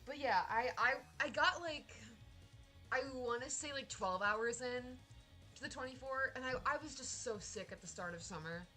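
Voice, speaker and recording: A young woman streaming, chatting casually in an excitable, rambling way with lots of laughter. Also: a little high, normal speed, soft background music. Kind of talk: casual live-stream chat.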